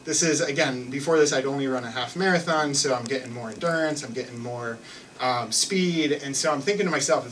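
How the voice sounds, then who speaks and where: A man's voice: mid-range voice, a little fast, fairly bright tone, recorded from a distance, slight background noise, low-quality recording. A young man telling a personal story on stage in a loose, self-mocking way, full of restarts and fillers. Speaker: live storyteller. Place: theater stage with an audience.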